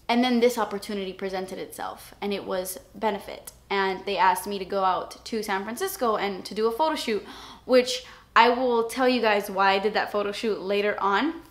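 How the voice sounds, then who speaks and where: A young woman beauty vlogger talks to the camera in a casual, confessional chat, her medium-pitched voice brisk. She is candid and emotional, at times close to tears.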